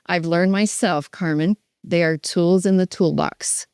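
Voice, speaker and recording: Brief: woman educator, emphatic and animated coaching, warm low voice, dry close sound. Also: a little slow, clear, resonant tone, no room sound. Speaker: dementia care educator. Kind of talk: teaching with role-play demonstrations.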